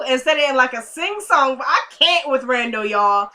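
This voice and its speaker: A young woman chatting through a recap of a TV episode, talking straight to her viewers. Her voice sits a little high, with a bright, forceful edge. She talks in an animated, casual way. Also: moderate pace. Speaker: TV episode reviewer. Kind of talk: casual chat.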